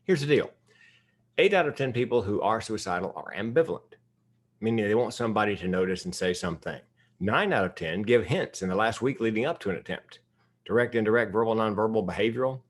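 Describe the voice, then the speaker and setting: A man's voice: on the low side, lively intonation, fairly quick. An older man giving a humorous keynote speech, telling stories candidly with self-deprecating humor. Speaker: keynote speaker.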